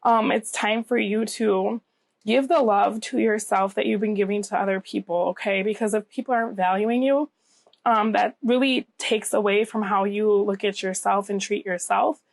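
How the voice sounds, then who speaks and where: A woman's voice: medium pitch, steady tone, normal speed, creaky, dry recording. A woman giving a casual tarot reading to camera, a bit scratchy and nasal from a cold she is getting over, reassuring and often checking in with "okay?". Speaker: tarot reader.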